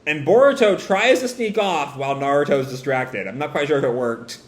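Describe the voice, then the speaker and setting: A man's voice: fairly high pitch, normal speed. Casual man reading manga aloud. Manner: casual, hedging with fillers. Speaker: manga reaction host. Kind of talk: live reading and reaction. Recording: roomy echo.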